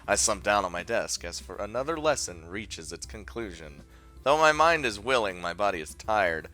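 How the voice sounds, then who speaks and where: A man's voice: on the low side, sing-song, moderate pace, pushed and bright, faint music behind. A man hosting a let's play, narrating a visual novel and adding casual, self-mocking comments with swearing.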